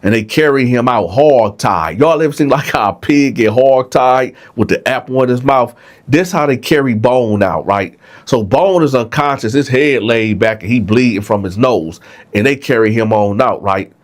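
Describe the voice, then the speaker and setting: A man's voice: mid-range voice, moderate pace. A man telling a jail story casually, often checking in with the listeners. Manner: conversational, frequent "right?", addresses listeners.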